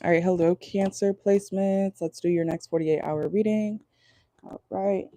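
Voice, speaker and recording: A woman's voice: medium pitch, steady tone, moderate pace, warm tone, no room sound. A woman giving a casual, chatty tarot reading to her viewers, blunt and crude, laughing often. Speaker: tarot reader.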